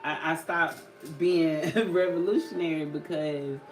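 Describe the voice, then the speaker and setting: An unhurried host speaking to viewers in a chatty, loose way during a casual live-stream card reading. The voice sits in a roomy, echoing space with clear music playing behind it. Its pitch is middling. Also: steady tone. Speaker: livestream host giving spiritual card readings. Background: clear background music.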